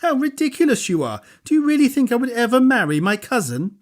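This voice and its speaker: A man's voice: sing-song, brisk. A man putting on a spirited young woman. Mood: incredulous. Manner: raised, exclaiming falsetto delivery. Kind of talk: audiobook character voice.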